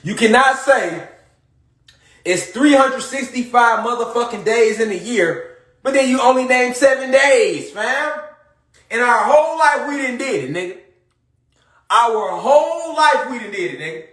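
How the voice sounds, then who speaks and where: A man delivering a rambling, preachy comedic monologue, repeating himself and swearing often, getting louder as he goes. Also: very high-pitched, expressive, normal speed, roomy sound. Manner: preachy, repetitive, profane, rising to shouts. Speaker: comedic conspiracy monologue performer.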